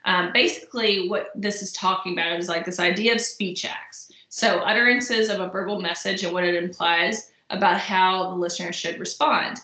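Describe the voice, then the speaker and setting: Young woman, college lecturer, relaxed and chatty, crisp bright voice, roomy recording. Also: on the low side, normal speed, few pauses. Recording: echoey room.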